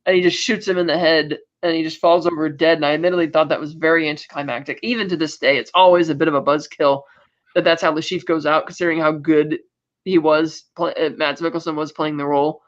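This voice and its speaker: A man with a notably high speaking voice recaps a film for a casual podcast. He tells it with animated energy, stumbling and restarting as he goes. The recording sounds dull and lo-fi. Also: fast talker. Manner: animated retelling with frequent restarts and fillers. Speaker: podcast co-host.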